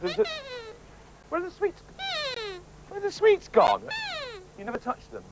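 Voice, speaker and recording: A man's voice: extremely high pitch, wildly swooping pitch, moderate pace. Cheerful man coaxing puppets, hissy tape. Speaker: children's TV presenter working with puppets. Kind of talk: lively scripted children's TV talk.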